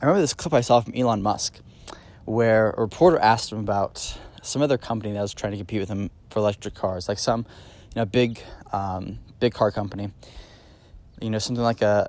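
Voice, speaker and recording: A man's voice: on the low side, steady tone, brisk, a little mellow. Male podcast host, solo monologue; casual, filler-heavy, eager emphasis on key points. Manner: casual, rambling, many fillers and restarts.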